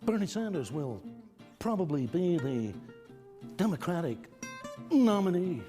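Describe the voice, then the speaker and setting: A man doing an impression of an older sci-fi captain actor, speaking slowly with dramatic pauses. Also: sits high, big pitch swings, over music, voice pushed down. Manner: slow, halting, dramatic pauses.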